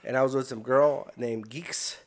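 A young man, a podcast guest, telling profane, animated comedic stories in casual chat. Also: mid-range voice, normal speed.

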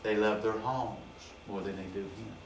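A man's voice: on the low side, steady tone, measured pace, noisy background. A man preaching a sermon in an emphatic, repetitive cadence in a church. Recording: very echoey, distant mic.

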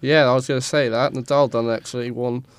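A man's voice: medium pitch, steady tone, fairly quick, smooth, no echo. A man co-hosting a casual sports podcast, rambling and stumbling over player names with self-mocking asides.

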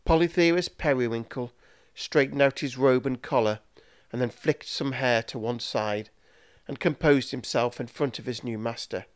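Male storybook narrator, measured delivery, dry close sound. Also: medium pitch, no room sound.

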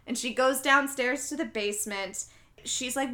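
Podcast co-host: woman with a bright, slightly high voice, chatty and loose, lots of fillers. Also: moderate pace. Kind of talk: casual recap of a film.

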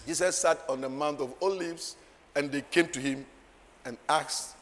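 A man delivers a sermon in a fairly high voice, dropping to quiet asides and then rising to loud, emphatic declarations with frequent laughs. His voice rings out in a hall with a long reverb, over a faint hum of ambient noise. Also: normal speed. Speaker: preacher.

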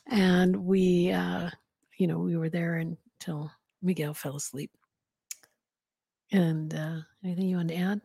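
Husky low woman reading a novel aloud. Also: fairly even intonation, slow, long pauses, darkish tone, no echo, studio quality. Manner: casual, giggly asides between passages. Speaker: podcast host and reader.

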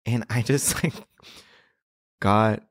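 A man's voice: lowish voice, steady tone, takes it slowly, no room sound. A young man in his twenties chatting casually as a podcast guest, rambling with lots of likes and restarts.

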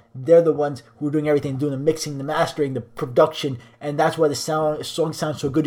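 A man's voice: mid-range voice, a little mellow. A young man hosting a solo podcast, rambling through a crude, profane comic rant into a cheap microphone. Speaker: podcast host.

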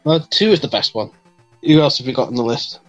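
A man hosting a casual podcast chat, jokey and animated, laughing often. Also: medium pitch, fast talker, muffled recording, faint music behind. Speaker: podcast host.

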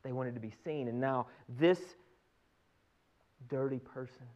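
A man's voice: medium pitch, a little slow, darkish tone. A male pastor teaching in an earnest sermon, often repeating words as he builds a point. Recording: dull lo-fi sound.

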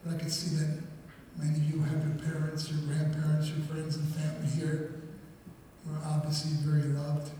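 A man's voice: a little high, monotone, brisk, mellow, slight background noise. Earnest man speaking in echoing hall. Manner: heartfelt, earnest storytelling. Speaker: motivational speaker. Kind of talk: emotional public presentation. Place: large hall before an audience. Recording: echoey hall from far off, faint music.

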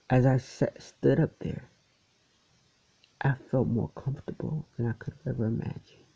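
A man's voice: mid-range voice, creaky, dark tone, husky. A man earnestly telling an emotional personal story, often restarting his phrases, on a dull lo-fi recording. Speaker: poet sharing testimony.

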